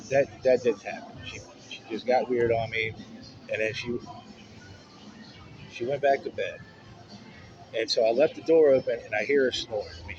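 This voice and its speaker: Man, casual vlog storytelling, rambling, swears a lot, dull audio, loud music underneath. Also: medium pitch. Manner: rambling and profane, with frequent restarts. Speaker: vlogger.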